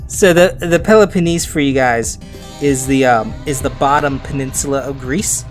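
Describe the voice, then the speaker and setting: A man's voice: medium pitch, normal speed. A man hosting a podcast, telling history in a casual, joking way that drops into silly voices, with faint music behind. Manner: jokey, laughs often, drops into silly voices. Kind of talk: casual storytelling chat.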